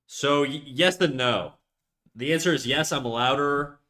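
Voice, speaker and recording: A man's voice: mid-range voice, unhurried, sharp tone. A young man streaming live, chatting casually in an upbeat, talkative way, restarting and stumbling over his words.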